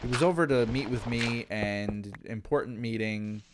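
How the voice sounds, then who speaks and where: A man's voice: lowish voice, normal speed, noisy background. Rambling man telling a story. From Canada. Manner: rambling, frequent restarts and asides. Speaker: gaming channel host. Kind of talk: casual anecdote.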